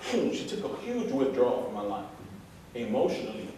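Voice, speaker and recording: A man from Houston, Texas, tells a personal story in a casual, conversational way, full of fillers and quick asides. He sounds far from the microphone in a very echoey room. A steady hum of background noise runs underneath. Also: medium pitch. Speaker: motivational speaker. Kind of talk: storytelling presentation.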